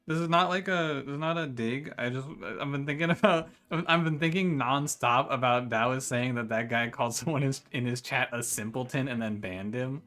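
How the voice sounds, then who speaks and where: A man with a bright, forward voice chats loosely with his viewers while he plays, cursing casually and laughing between thoughts. Faint music sits under his talk. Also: medium pitch, a little fast, few pauses. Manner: chatty, swears freely, laughs while talking to chat. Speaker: game streamer. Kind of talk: casual live-stream chat.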